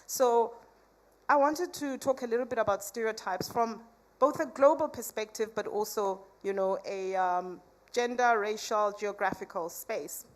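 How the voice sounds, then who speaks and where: Woman, slightly high voice, conference talk, chatty, audience banter. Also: unhurried. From South Africa. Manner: chatty, many "you know" asides, jokes with audience. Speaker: conference speaker.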